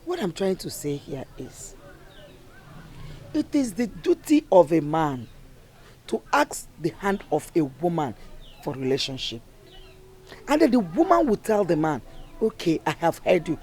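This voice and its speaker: A woman's voice: on the low side, sing-song, unhurried, long pauses, warm tone. An earnest, pleading Nigerian mother. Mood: lecturing. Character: worried, moralizing village mother. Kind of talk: Nollywood film drama.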